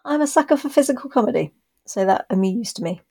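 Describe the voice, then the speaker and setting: A woman co-hosting a podcast in casual chat, talking through a TV episode in thoughtful, drawn-out explanations with a dry, self-deprecating humor. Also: fairly high pitch, lively intonation, mellow. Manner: thoughtful, explains her views at length. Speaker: podcast co-host.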